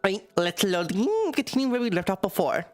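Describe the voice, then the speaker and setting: A woman streamer with a high-pitched voice, chatting casually and reading a game aloud, giggling often between lines. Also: big pitch swings, a little fast, soft background music.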